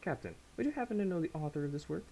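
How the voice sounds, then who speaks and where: A man's voice: fairly high pitch, lively intonation, rapid-fire, creaky, dark tone, a little hiss or hum, pitched above the performer's own voice. A man voicing a learned male scholar with archaic, formal phrasing.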